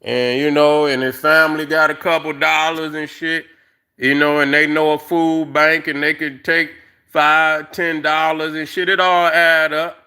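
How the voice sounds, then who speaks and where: A middle-aged livestream host rants to his viewers directly, profane and rambling and full of fillers. His voice is fairly high, level, sharp and smooth, and he speaks unhurriedly.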